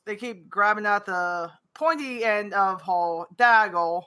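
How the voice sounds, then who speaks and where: A woman playing a tabletop game, describing her character's actions in a relaxed way. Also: medium pitch, slow pace, hardly any pauses, smooth. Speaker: player.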